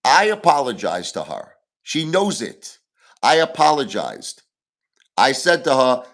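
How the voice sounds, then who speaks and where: A man's voice: medium pitch, huge pitch swings, unhurried, fairly bright tone. Agitated man ranting on a livestream. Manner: agitated, repetitive, venting grievances. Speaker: livestream host. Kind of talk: emotional livestream rant.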